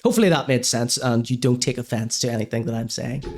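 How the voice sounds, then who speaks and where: A man's voice: mid-range voice, fast talker, background noise. A man hosting a live-streamed comedy show, ranting crudely in mock seriousness and then apologising over and over. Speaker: podcast host. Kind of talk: live-streamed comedy rant and chat reading.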